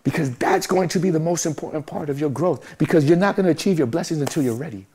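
A man's voice: a little high, fast talker, darkish tone, slightly rough. Emphatic middle-aged New man. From Brooklyn, New York. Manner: emphatic, repeats phrases for weight. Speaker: interview guest. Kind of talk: reflective, heartfelt interview talk.

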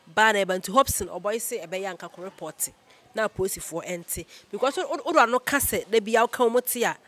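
A man hosting a casual political chat, talking quickly and prodding his co-host with questions. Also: sits high, sharp tone.

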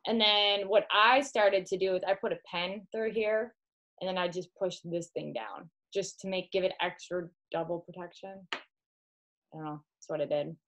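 A woman's voice: lowish voice, fairly even intonation, normal speed, a bit bright, rough recording. A woman with a Midwestern American accent, a direct sales consultant chatting casually while showing products at home and calling the listener "girl". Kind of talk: casual home video demo.

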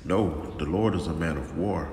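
A man preaching informally and sternly, talking slowly with lots of repetition and restarts. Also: rumbling low, a little mellow. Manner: slow and drawn-out, repeats himself, calls listeners "man", stern. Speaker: religious teacher. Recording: echoey room with long reverb and faint noise.

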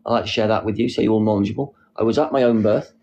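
A young man hosting a casual live stream, reading out comments with a playful, silly manner and sudden squeaky jokes. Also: fairly even intonation, racing, gravelly, mellow, muffled recording. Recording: faint background noise.

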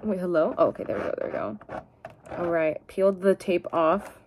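A young woman chatting through an unboxing, bubbly and full of cutesy baby talk, swinging from high squeals to quiet mumbles. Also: steady tone, a little fast, slight background noise. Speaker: unboxing vlogger. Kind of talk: casual unboxing chat.

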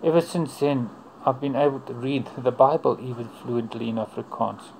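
A man's voice: mid-range voice, fairly even intonation, vocal fry, darkish tone, a little hiss or hum, low-quality recording. Earnest man giving testimony. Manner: earnest, unhurried, in short broken phrases. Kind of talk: personal faith testimony.

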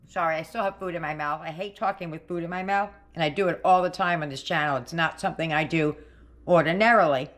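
A woman's voice: deep voice, fast, fairly bright tone. A middle-aged woman hosting a home cooking video, chatting and thinking aloud as she cooks. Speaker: cooking channel host. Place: home kitchen.

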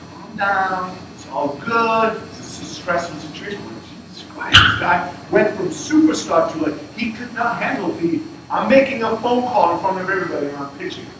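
A man with a high voice gives a blunt, sweary talk to an event crowd. He is heard from far off in a very echoey room. Loud noise runs under his voice the whole time. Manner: blunt, profane, emphatic storytelling. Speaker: startup founder speaking at a fireside chat. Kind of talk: casual talk to an audience.

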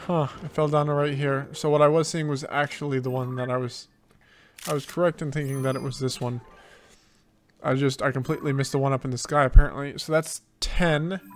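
A man's voice: medium pitch, level tone, a little fast, a little hiss or hum. A man giving casual gameplay commentary as a let's play host, thinking aloud and repeating himself as he plays.

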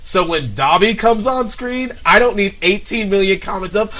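A man's voice: high voice, moderate pace, hardly any pauses, pushed and bright, a little hiss or hum, low-quality recording. A young man on a casual talk show, ranting with exasperation and swearing, sometimes mimicking other people. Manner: exasperated, profane, mimics people in put-on voices. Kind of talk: casual comedic rant.

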